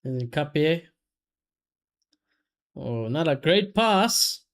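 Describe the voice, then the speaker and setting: A man, casually commentating a football match for his live chat and reacting loudly to chances. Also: a little high, animated, takes it slowly. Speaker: streamer hosting a football watchalong.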